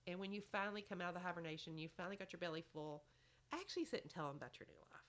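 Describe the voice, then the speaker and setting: A woman's voice: fairly low pitch, expressive, rapid-fire, fairly bright tone. A woman giving motherly advice in a chatty podcast conversation, often saying "you know". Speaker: podcast guest. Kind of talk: casual advice chat.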